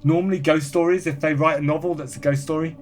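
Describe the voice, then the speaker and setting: Brisk, dry-voiced male podcast guest. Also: on the high side, fairly even intonation, slight background noise. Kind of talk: casual chat, reading listener comments aloud.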